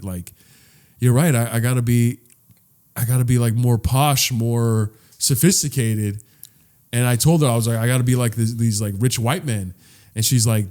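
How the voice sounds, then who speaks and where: An earnest young man co-hosting a podcast, his pitch sitting right in the middle for a man. He talks loosely and swears freely. He repeats words as he works toward his point. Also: steady tone, normal speed, darkish tone. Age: young adult. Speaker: podcast co-host. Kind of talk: casual podcast chat.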